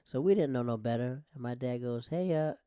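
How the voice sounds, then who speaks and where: A man's voice: mid-range voice, fairly quick, mellow, clean tone, no room sound. Laughing man telling family stories. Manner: laughs often while telling, acts out family members' voices. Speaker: stand-up comedian, podcast host. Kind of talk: casual storytelling monologue.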